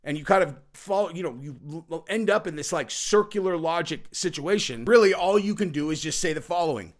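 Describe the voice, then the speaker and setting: A man hosts a podcast and talks through his opinions in a long commentary monologue. His voice sits a little higher than most men's. He is emphatic, repeats his points, and acts out how other people react. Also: fairly quick. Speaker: podcast host.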